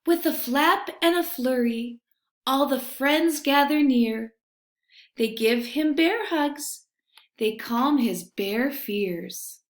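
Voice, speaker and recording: Slow, gentle woman reading a storybook. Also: high-pitched, slight background noise. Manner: gentle, expressive reading with hushed refrains. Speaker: storybook reader. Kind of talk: reading a children's picture book aloud. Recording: roomy echo.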